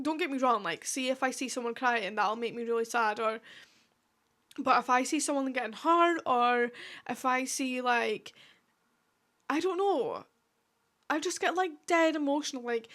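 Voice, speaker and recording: A woman's voice: sits high, a bit bright. A young woman in her twenties with a Scottish accent, hosting a casual solo podcast in a chatty, rambling way full of fillers and asides. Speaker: podcast host.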